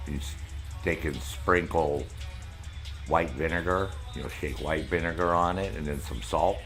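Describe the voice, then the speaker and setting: A middle-aged streamer host from Maine, United States, hosts a casual chat with viewers, telling rambling, profane stories full of swearing. His voice is very deep, a bit bright, and a little slow, with faint music behind him.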